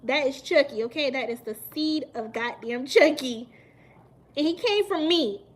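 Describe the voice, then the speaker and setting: Woman, 30s, high voice, live-stream host, animated, emphatic, quick to laugh. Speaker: mukbang livestream host. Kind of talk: casual live-stream chat with viewers.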